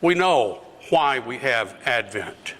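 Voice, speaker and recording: An older man, a deacon, speaking to a parish lunch group and acting out quoted voices that rise to near-shouts. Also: mid-range voice, very animated, takes it slowly, big-room sound. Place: parish hall.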